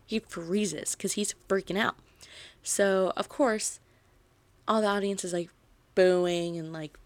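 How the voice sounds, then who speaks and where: A woman in the middle of her range recaps a novel for her podcast, chatty and animated, filling her sentences with "like." The sound is close and dry, with no room around her voice. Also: mid-range voice, no echo. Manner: animated storytelling, frequent "like" fillers. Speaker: book podcast host. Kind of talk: chatty book review, retelling a plot.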